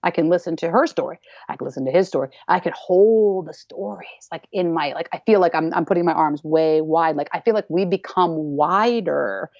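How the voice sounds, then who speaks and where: A dance teacher on a podcast talks briskly in a lowish, creaky, somewhat mellow woman's voice during a casual interview. Her delivery is emphatic, with repeated phrases for weight and impressions of other people. Dull, slightly lo-fi audio with a dry, roomless sound.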